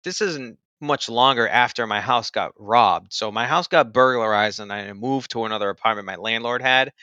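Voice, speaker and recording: Guy telling his own story real casual, bright tense voice, dry close sound, lots of "like"s. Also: medium pitch, moderate pace, smooth, no echo, lo-fi sound. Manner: loose and conversational, many fillers like "like" and "you know". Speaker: storyteller recounting own experience.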